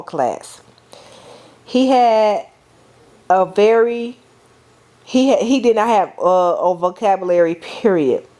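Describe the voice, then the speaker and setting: A middle-aged woman lecturing at a slow, unhurried pace. Her pitch sits at an ordinary middle level, and she speaks deliberately, calling on the class and often circling back to repeat or restart a phrase. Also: warm tone.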